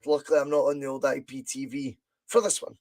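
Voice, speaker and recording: A Scottish man hosting a live football watch-along from home, chatting with viewers and breaking into excited commentary. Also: mid-range voice, fairly quick. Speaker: podcast host doing live fan commentary.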